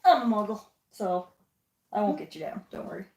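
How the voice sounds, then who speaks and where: Woman, mid-pitch, upbeat and giggly unboxing host; echoey home room. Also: expressive, fairly quick, a little mellow. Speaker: livestream host. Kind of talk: casual unboxing chat. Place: home basement.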